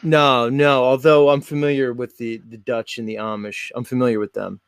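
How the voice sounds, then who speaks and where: A man's voice: medium pitch, little pitch movement, moderate pace, smooth, no room sound, studio quality. An American man from South Jersey hosting a casual chat show, rambling and full of fillers. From South Jersey, USA. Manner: rambling, filler-heavy, chatty. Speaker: podcast host.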